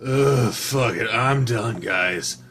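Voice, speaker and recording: A man's voice: mid-range voice, takes it slowly, a bit bright, faint music behind. A man voicing a lazy, crude, joking young male goat character.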